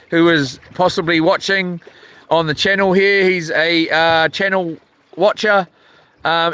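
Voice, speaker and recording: A man's voice: on the high side, pushed and bright, smooth. A man with a New Zealand accent casually chatting on a fishing live stream, reading viewer comments aloud with lots of fillers and restarts. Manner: rambling, reads chat aloud with many fillers and restarts. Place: outdoors by the sea while fishing.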